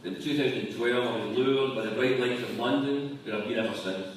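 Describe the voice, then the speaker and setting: A man giving a deadpan, joke-filled after-dinner speech. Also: medium pitch, fairly quick, slight background noise. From Scotland. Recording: echoey room from far off. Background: audience laughter.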